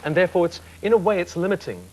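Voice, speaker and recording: In a TV studio, a singer in his fifties appears as a talk show guest and reflects candidly on his singing career. His voice sits high and a little mellow, and he talks very fast; the recording is rough.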